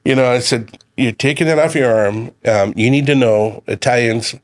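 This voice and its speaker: A man's voice: medium pitch, moderate pace, no room sound, clean studio sound. A middle-aged man, a chef guest on a radio show, telling a long family story at an easy pace. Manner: relaxed storyteller, quotes his sons and himself. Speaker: guest, chef and community leader. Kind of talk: casual chat.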